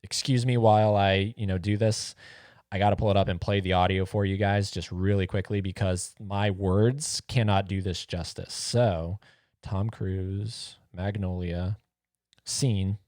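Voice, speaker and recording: A man's voice: deep voice, steady tone, a little slow, a little mellow, no echo, studio quality. A man hosting a podcast, giving casual film commentary and rambling, repeating himself for emphasis. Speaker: podcast host.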